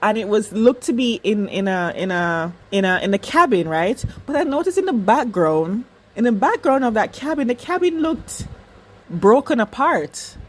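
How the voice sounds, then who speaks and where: In a casual reaction video about a TV episode, a woman with a slightly high, animated voice speaks at a normal speed. She argues with the screen emphatically, says things over and over, and curses without restraint.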